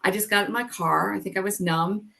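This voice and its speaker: A woman's voice: mid-range voice, fairly even intonation, fairly quick, vocal fry, a bit bright. A middle-aged woman telling her own story as an interview guest. She talks candidly, says "like" and "you know" often, and acts out her past thoughts.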